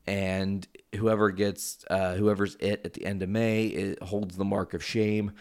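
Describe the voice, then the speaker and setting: Gravelly low-voiced man, rambling podcast. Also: flat delivery, unhurried, darkish tone. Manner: rambling, profane, goes off on tangents. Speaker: podcast host. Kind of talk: casual solo podcast storytelling. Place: his home.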